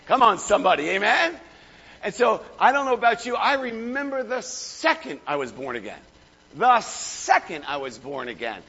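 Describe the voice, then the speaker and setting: A hoarse male pastor preaching a fervent sermon, shouting at the peaks and calling out to the crowd. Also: high-pitched, very animated, moderate pace. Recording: echoey hall, dull lo-fi sound.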